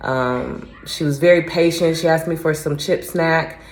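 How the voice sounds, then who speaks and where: A woman's voice: low voice, a little slow. A woman recording a casual, candid vlog at home right after a run, chatting reflectively with plenty of fillers. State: just back from a run. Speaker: vlogger training for a first half marathon. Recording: echoey room.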